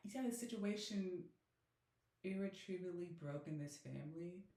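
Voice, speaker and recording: A young woman hosting a movie reaction channel, exclaiming loudly and cursing freely as she reacts. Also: on the low side, moderate pace, soft background music. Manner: loud, exclaiming, heavy cursing. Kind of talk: emotional movie reaction commentary. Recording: roomy echoey room.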